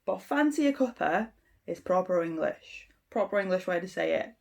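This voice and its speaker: A woman giving an informal language lesson, explaining step by step in an unhurried way with frequent ums. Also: lowish voice, expressive, gravelly, darkish tone. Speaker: English teacher.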